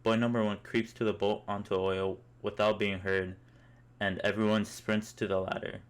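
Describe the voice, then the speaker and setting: A man's voice: fairly low pitch, flat delivery, normal speed, clear, resonant tone. A young man narrating a comic story in the second person, in an amused, mock-epic way.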